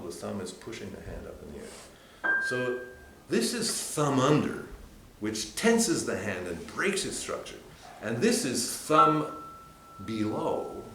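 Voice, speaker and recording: A man teaching a piano workshop, explaining hand movements while demonstrating at the piano and breaking into sudden high exclamations. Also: a little hiss or hum. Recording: echoey room with loud piano. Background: piano playing.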